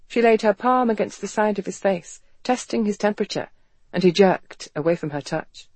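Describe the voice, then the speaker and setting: An audiobook narrator giving an expressive, measured reading of a romance novel. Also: mid-range voice, no echo. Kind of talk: scripted narration.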